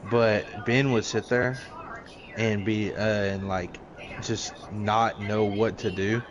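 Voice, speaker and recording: A man with a fairly low voice chats easily and agreeably, trading work stories in a relaxed way. Clear background noise hangs under his voice throughout the recording. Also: slow, dull audio. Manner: laid-back, agreeable storytelling about coworkers. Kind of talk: casual chat.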